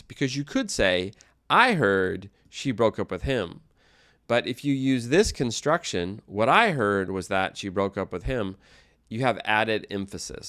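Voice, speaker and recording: A man with a smooth, clear voice pitched a little low, walking learners through English grammar. He talks in a relaxed, explanatory way, with the odd filler and restart. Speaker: English teacher.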